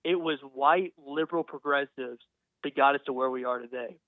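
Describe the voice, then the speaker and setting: A man's voice: medium pitch, moderate pace, no room sound. A young man calls in over a thin, tinny phone line. He speaks earnestly, tripping over and repeating his words, and his voice sits dry and close. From Texas. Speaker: caller. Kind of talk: phone-in conversation.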